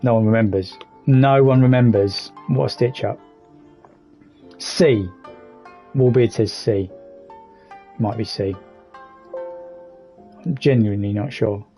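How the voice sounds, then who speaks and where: A man's voice: fairly low pitch, slow, long pauses, warm tone, soft background music, low-quality recording. A man streaming a game, joking and chatting with viewers about his play. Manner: jokey, self-mocking, chats with viewers. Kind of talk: live game commentary.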